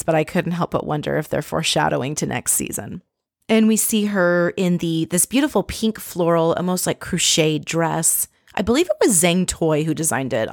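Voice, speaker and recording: Woman with a lowish voice, dry sound. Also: no room sound. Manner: wry, sarcastic asides. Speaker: podcast host recapping a reality show. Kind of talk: casual chatty recap.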